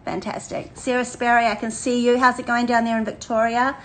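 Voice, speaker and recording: An older woman, chatting warmly and energetically to a women's church group, laughing often and repeating phrases. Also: on the high side, little pitch movement, fairly quick, slight background noise, rough recording. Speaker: women's ministry leader. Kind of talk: casual livestream chat to a women's group.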